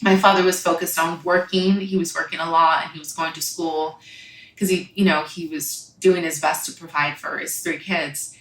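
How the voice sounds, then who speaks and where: A young woman telling a personal story in a halting, reflective way, often pausing with "like" and "you know.". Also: deep voice, steady tone, fairly bright tone, slight background noise. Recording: echoey room.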